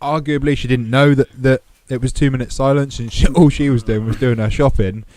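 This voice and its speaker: A man with a mellow, warm voice co-hosts a loose online chat show from abroad over a video call. He jokes, rambles and reads out odd headlines in a relaxed way. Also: mid-range voice, fairly quick. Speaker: co-host. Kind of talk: casual chat reading news stories. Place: abroad on the continent, remote call.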